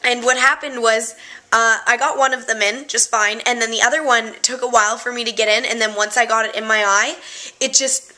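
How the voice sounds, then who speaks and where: A young woman talks into her camera in a loose, giggly video-diary style, poking fun at herself. Her voice sits fairly high with a bright, clear edge. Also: steady tone, fairly quick. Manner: chatty, giggly, self-mocking. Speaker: vlogger. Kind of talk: casual vlog talk.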